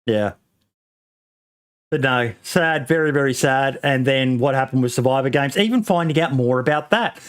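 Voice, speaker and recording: A man with a smooth, mid-range voice hosts a casual gaming podcast at normal speed. He talks in long rambling stretches full of ums and false starts, sitting in an ordinary middle register and swearing offhandedly.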